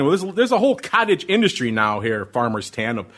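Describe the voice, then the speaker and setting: A middle-aged man hosting a podcast, answering listener questions about options trading in an excitable, ramped-up way. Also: mid-range voice. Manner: excitable, fast, ramped-up delivery. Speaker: podcast host.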